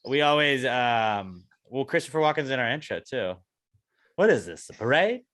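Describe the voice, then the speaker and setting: A man hosting casual podcast banter, laughing often and goading the others. His voice is bright and forward. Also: medium pitch, very animated, moderate pace, dry recording. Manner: laughing, egging others on, swearing. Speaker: podcast co-host. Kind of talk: casual chat.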